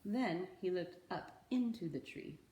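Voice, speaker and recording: A woman reading a picture book aloud to children, expressive with dramatic pauses. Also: on the low side, reverberant, slight background noise. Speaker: children's story reader.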